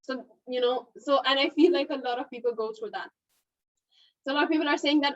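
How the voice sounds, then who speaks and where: A woman hosting an online webinar in a chatty, casual way, laughing often and filling pauses with "okay" and "you know". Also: high-pitched. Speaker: webinar host. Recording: dull, distant webinar audio.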